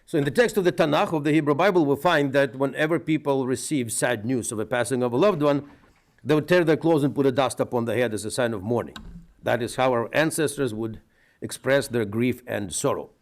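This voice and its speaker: Middle-aged man, Russian accent, rabbi, funeral eulogy, earnest, measured, mid-pitched voice. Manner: earnest, measured storytelling with restarts.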